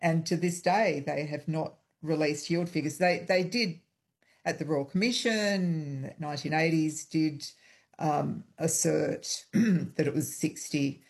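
A female historian joins an internet call as a guest from a hotel room, explaining things in a measured way with frequent ums. Her voice is low, steady in tone, and slightly rough.

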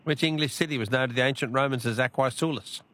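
A man's voice: mid-range voice, fast talker, a bit bright. An Australian man hosting a talkback radio quiz, chatting and laughing easily with callers.

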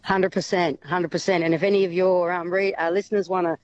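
A woman's voice: fairly low pitch, fairly even intonation, fairly quick, a little mellow, dull audio, a little hiss or hum. A woman wildlife carer chatting in a radio interview, talking freely with many fillers and laughs.

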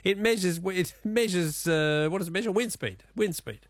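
A man's voice: high-pitched, normal speed, dry recording, studio quality. A man with an Australian accent hosting a casual radio quiz, joking and laughing with callers. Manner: jokey, laughs often, teasing callers.

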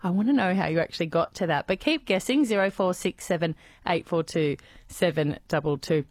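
A woman hosting a casual talkback radio show, bubbly and quick with questions. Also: lowish voice, darkish tone, no room sound, clean studio sound. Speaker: radio host. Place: radio studio.

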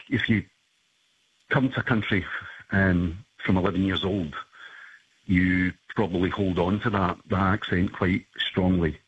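A man chatting casually on the radio about his children, relaxed and rambling with many fillers. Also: deep voice, slightly rough, lo-fi sound. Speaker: guest parent.

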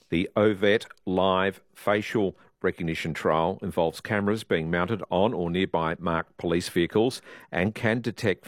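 A man reading the radio news in a measured, formal way. His voice is very low. The studio sound is dry. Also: no echo. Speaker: radio newsreader.

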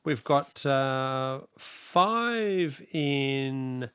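An Australian man hosting a radio quiz, briskly reading out questions and counting off the ones left. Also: medium pitch, expressive, a bit bright, smooth, no room sound. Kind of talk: radio quiz and caller chat.

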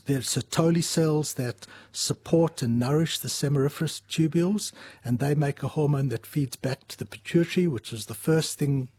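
A man as a medical expert guest, giving patient, measured explanations with small restarts. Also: on the high side, warm tone, slightly rough, dry recording. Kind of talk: explanatory interview answers.

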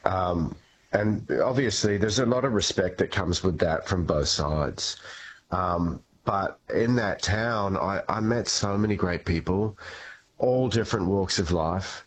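Man, actor guest, lowish voice, storytelling, faint background noise. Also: a little slow. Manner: animated storyteller, laughs often. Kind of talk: casual interview.

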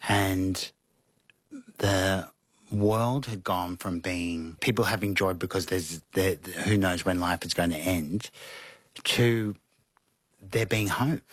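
A man with a low, husky voice tells stories as an interview guest. He is animated and acts out what people said with bursts of laughter. The recording is close and dry. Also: no room sound. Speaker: interview guest, costume designer. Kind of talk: conversational storytelling.

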